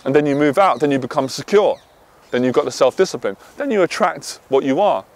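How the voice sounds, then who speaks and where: A man coaching on dating, talking intensely, swearing and then calming himself down. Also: on the high side, a little fast. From half Irish. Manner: intense, swears, swings from loud to quiet. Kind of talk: passionate monologue to camera.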